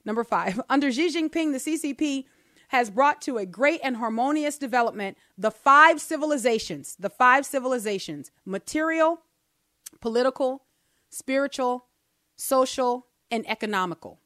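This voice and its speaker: A woman's voice: high voice, lively intonation, moderate pace, fairly bright tone, dry recording, studio quality. A middle-aged woman hosting a talk show, chatting casually and animatedly, laughing and slipping into mock voices for her jokes. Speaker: podcast host. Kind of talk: casual commentary.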